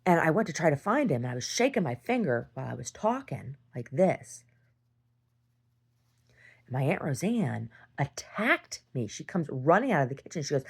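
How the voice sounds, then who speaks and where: A woman recording a personal video diary, telling a story in a rambling way and rising in pitch as she relives a fight. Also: big pitch swings, moderate pace, gravelly, breathy edge. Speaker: video diarist.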